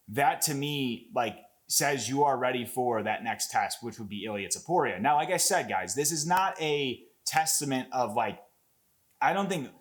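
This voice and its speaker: A young man talking casually and excitedly as he breaks down an upcoming fight, swearing often and rambling with restarts. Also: medium pitch. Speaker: MMA commentator.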